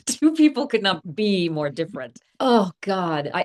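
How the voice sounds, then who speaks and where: A woman's voice: medium pitch, sing-song, takes it slowly, pauses often. A middle-aged woman, an actress being interviewed, talking in a thoughtful, rambling way with frequent laughs. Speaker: actress guest. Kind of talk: casual interview chat.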